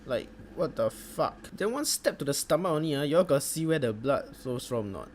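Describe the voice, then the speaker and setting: A man's voice: a little high, expressive, normal speed, darkish tone, slight background noise. A young Singaporean man with a Singaporean accent, giving a sweary, mocking comedic review full of Singlish slang. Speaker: video reviewer.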